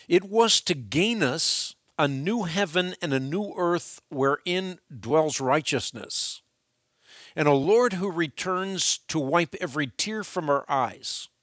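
A man hosting a call-in radio show, teaching in an earnest, measured, devotional way. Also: on the high side, a bit bright, no room sound, clean studio sound.

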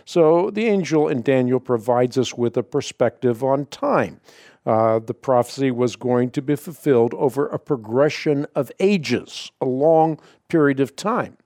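A man hosting a call-in radio show, explaining scripture to callers in a measured, authoritative way. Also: mid-range voice, animated, a little mellow, no echo, studio quality. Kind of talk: call-in Bible answer radio.

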